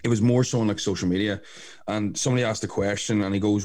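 A man's voice: fairly low pitch, fairly even intonation, fast talker, a little mellow. A man in casual podcast chat, telling rambling, frank stories with lots of fillers.

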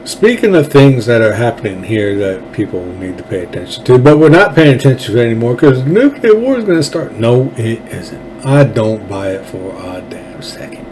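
A man's voice: mid-range voice, darkish tone, a little hiss or hum, poor audio. A man from Texas hosting a solo political show, ranting in a blunt, profane and sarcastic way. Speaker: political talk show host.

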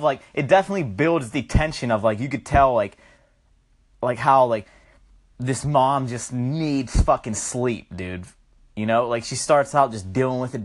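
A speaker reviewing a movie in a casual, rambling, profane way. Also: mid-range voice.

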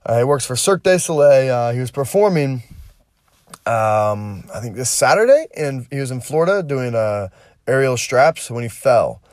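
A man's voice: medium pitch, animated, moderate pace, darkish tone, no room sound, studio quality. A man co-hosting a podcast, giving casual news commentary in a blunt, joking way with plenty of swearing. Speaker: podcast co-host.

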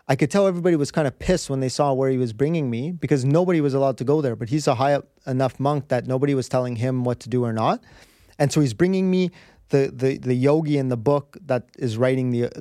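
A man with a mellow, medium-pitched voice appears as a podcast guest, heard in clean studio sound without echo. He tells a personal story candidly in conversation, earnest and rambling, restarting many times.

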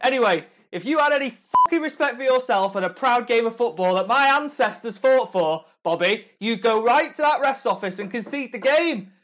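An actor playing a drunk, brash football manager who swears and shouts in a comedy sketch. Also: male voice, very high-pitched, lively intonation, a little fast, few pauses, slight background noise. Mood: belligerent.

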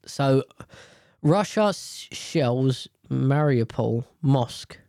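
A man's voice: mid-range voice, expressive, very slow, vocal fry, warm tone, no echo, clean studio sound. A man in casual, rambling commentary on the news, swearing freely and often correcting himself.

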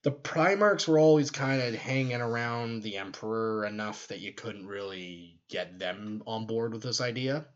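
A man's voice: fairly low pitch, moderate pace, few pauses, dull audio. Man animatedly explaining fiction lore. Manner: animated, storytelling, joking asides. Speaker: podcast co-host. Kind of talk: casual lore discussion.

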